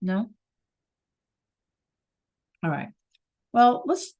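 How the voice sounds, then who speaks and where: Slow, patient teacher woman. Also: mid-range voice. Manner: patient, checks in often with "right?" and "okay?". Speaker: Spanish teacher. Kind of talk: online class teaching. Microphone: video call.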